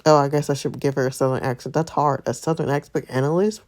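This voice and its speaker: Low, mellow-voiced woman, playful let's-play chatter. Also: steady tone, fast talker, hardly any pauses. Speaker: gamer.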